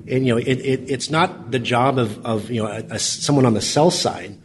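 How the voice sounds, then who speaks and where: A man answers interview questions at an average pitch, thinking out loud with frequent restarts and filler words. A faint background hiss sits under his voice. He sounds relaxed and conversational, not rehearsed. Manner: halting, full of "you know" fillers and restarts. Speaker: podcast guest, energy company co-founder. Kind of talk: casual interview talk.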